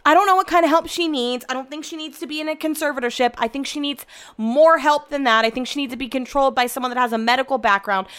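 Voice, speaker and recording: A woman's voice: high voice, fast talker. Chatty young woman vlogging, swearing freely. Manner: chatty, swears often, animated storytelling. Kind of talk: casual chat to camera. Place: home room.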